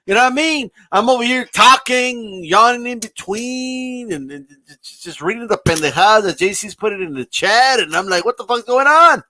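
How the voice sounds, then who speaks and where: A man runs a boxing live stream in casual, rambling chat, dropping curses as he reacts to his viewers. His voice sits high and rings bright. The sound is dry, with no room in it. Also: expressive, moderate pace, no echo. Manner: loose and rambling, swears often. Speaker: boxing livestream host.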